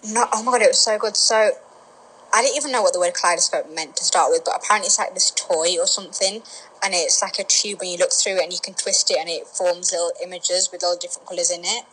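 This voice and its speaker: A young woman co-hosting a podcast over a phone call, chatty and quick to laugh. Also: lowish voice, steady tone, fairly bright tone, breathy edge. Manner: chatty, laughing, eager interjections. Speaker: podcast co-host. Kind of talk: casual chat.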